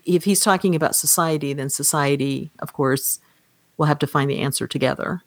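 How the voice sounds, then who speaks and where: A woman's voice: low-pitched, brisk, no room sound. A woman co-hosting a casual book discussion podcast, chatting and reading passages aloud. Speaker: podcast co-host.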